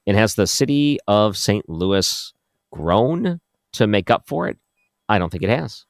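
A man's voice: fairly low pitch, sing-song, unhurried, vocal fry, no echo, clean studio sound. A man hosting a late-night radio talk show, chatting casually and thinking aloud as he reads through figures. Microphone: studio microphone.

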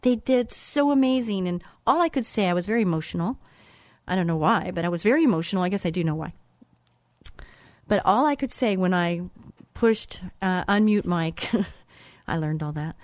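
A woman's voice: lowish voice, animated, moderate pace, no echo, clean studio sound. A middle-aged woman hosting a show, giving an earnest, emphatic motivational monologue that repeats phrases for effect. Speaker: host.

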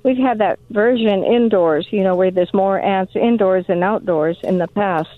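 A woman's voice: mid-range voice, normal speed, no echo. A woman calling in to a garden radio show, asking questions hesitantly with many fillers. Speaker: caller. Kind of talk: phone-in question. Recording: tinny phone line.

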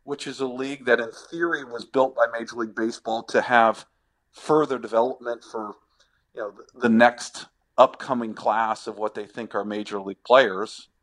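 A middle-aged former ballplayer, now a sports agent, answering podcast questions in a halting, reflective way with many restarts. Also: male voice, medium pitch, fairly even intonation, a bit bright.

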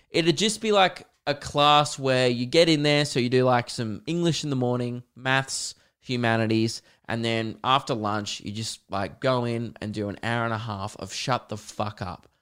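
A man's voice: medium pitch, normal speed, few pauses, a bit bright. Crude joking young man, podcast host. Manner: rambling, crude, joking, acts out little scenes. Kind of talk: casual comedic monologue.

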